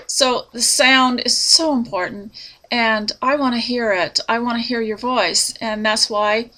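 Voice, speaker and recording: A woman, a preacher's wife, giving an earnest, unhurried devotional talk with soft laughs. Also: fairly high pitch, fairly even intonation.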